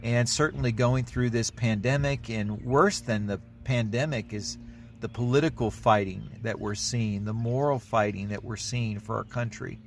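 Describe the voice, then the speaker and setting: A man in his forties speaks as a pastor, in a mid-range voice and an unhurried, reflective way. He tells a homely story and then turns it into a devotional lesson. A faint noise floor sits under the recording. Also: mid-range voice, steady tone. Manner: storytelling, reflective, plain-spoken. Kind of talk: devotional talk.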